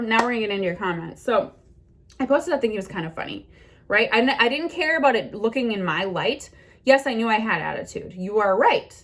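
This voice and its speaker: A woman's voice: on the high side, fairly bright tone. A middle-aged woman vlogging a defensive rant, blunt and indignant, swearing a lot.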